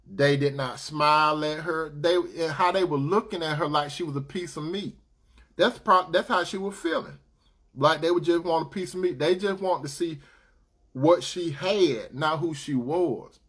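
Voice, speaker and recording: A man's voice: on the high side, a bit bright. A man telling a story casually and playfully to his viewers, acting out both sides of the talk. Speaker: advice talk host.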